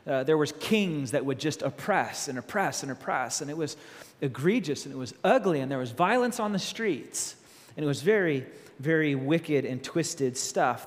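A man preaching a sermon as a pastor, animated and full of rhetorical questions. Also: on the high side, long reverb tail.

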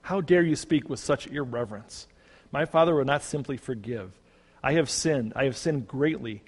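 A man playing a determined, earnest brother bent on proving his worth. His plain, mid-pitched voice carries a long reverb. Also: normal speed, husky. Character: desperate brother trying to earn his way home.

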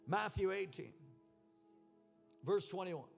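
A man's voice: sits high, expressive, slow, vocal fry, soft background music. A man preaching a personal testimony in church, earnest and emotional. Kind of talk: sermon testimony.

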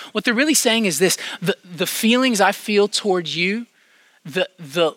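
Animated high-voiced male preacher. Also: no room sound. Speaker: pastor. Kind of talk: sermon.

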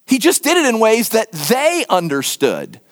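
A man named as a pastor, preaching a casual sermon and acting out the people in the story in quick voices. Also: sits high. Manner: animated, acts out biblical dialogue in voices.

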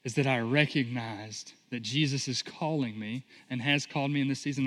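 A pastor in his thirties preaching a sermon in church, telling stories with lively acted-out voices. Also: mid-range voice. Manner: animated storytelling, acting out voices in quotes. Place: church sanctuary. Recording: long hall reverb.

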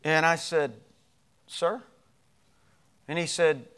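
A middle-aged male pastor telling a personal story in a sermon, animated and moving between loud passages and hushed ones. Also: a little high, slow pace, pauses often, smooth.

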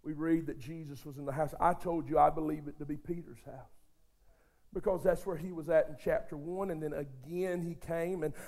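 A man preaching a sermon who talks straight to his congregation and swings between hushed, intimate passages and shouted, fervent ones. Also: fairly high pitch, steady tone, moderate pace, gravelly. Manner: addresses the congregation directly, calls for responses.

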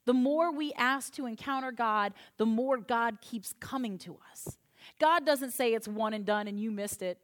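A woman pastor giving a conversational, animated sermon. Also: a little high, normal speed.

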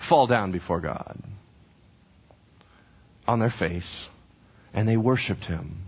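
A man's voice: fairly low pitch, slow, vocal fry, pauses often, slightly rough, dull audio. A male pastor preaching a sermon, who keeps asking the congregation questions and then answers them himself. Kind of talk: sermon teaching from scripture.

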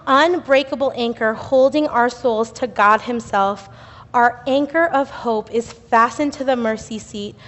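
A woman's voice: a little high, a bit bright. A young woman giving a sermon in church, telling a personal story in a chatty, laughing way. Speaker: youth speaker at church. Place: church sanctuary. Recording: reverberant church hall.

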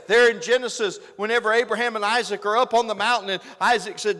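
A man preaching a sermon, swinging from loud exclamations to hushed, earnest lines. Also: sits high, lively intonation, fast, hardly any pauses. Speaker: pastor. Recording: preaching in a reverberant hall.

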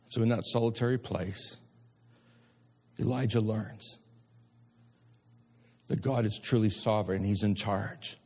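A man's voice: lowish voice, fairly even intonation, unhurried, pauses often, a little mellow, slightly rough. A man preaching a sermon to his congregation, emphatic and direct, with repeated appeals to his listeners. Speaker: pastor. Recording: long hall reverb.

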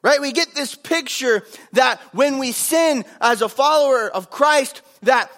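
A man's voice: very high voice, a little slow, few pauses, fairly bright tone. A man preaching a sermon, earnest and emphatic, driving points home through repetition.

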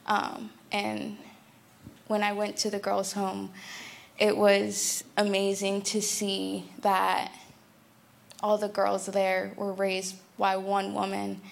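A teenage girl shares her testimony before a church in a hesitant, halting way, filling her pauses. Her voice is heavily gravelly with fry, and she speaks slowly and steadily on a flat pitch. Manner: hesitant, many fillers. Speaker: church member sharing testimony.

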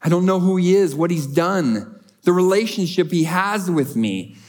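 A man's voice: high voice, expressive, moderate pace, darkish tone. A male pastor preaching a sermon in an earnest, emphatic way, building on repeated short phrases.

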